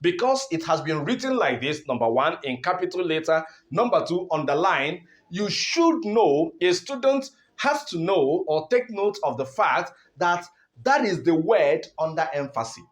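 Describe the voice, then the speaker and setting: A man's voice: on the high side, sing-song, normal speed. A man teaching an online exam-prep lesson, explaining step by step, repeating points and checking in with "okay?". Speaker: English teacher.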